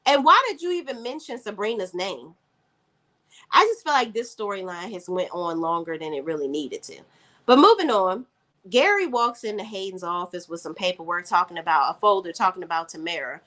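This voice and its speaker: A woman's voice: fairly low pitch, animated, brisk, fairly bright tone. A woman giving a blunt, opinionated casual recap of a TV drama as a reviewer. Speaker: TV show reviewer.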